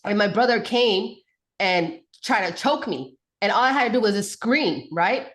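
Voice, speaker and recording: Chatty woman guest, animated storyteller, laughs easily, many restarts, even mid-range voice. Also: mid-range voice, moderate pace. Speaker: podcast guest, mother. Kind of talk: casual storytelling interview.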